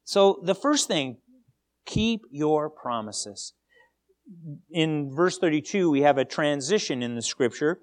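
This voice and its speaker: A man preaching a sermon as pastor, emphatic and animated, often repeating words as he starts a sentence. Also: a little high, slow pace.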